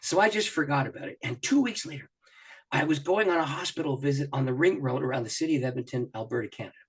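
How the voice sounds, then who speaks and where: A man's voice: medium pitch, fast talker, breathy edge. A middle-aged man, a pastor and author, telling personal stories as an interview guest, acting out his own thoughts and laughing often. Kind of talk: animated personal storytelling in an interview.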